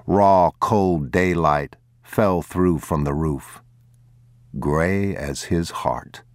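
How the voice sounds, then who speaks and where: A man reading a novel aloud in a grave, measured audiobook narration. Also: deep voice, no room sound, clean studio sound.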